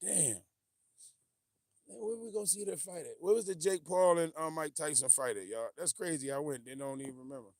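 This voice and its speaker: A man with hosting a casual livestream, rambling and animated, often losing his train of thought and laughing as he reads viewer comments. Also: fairly high pitch, brisk, gravelly, no room sound, clean studio sound. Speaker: livestream host.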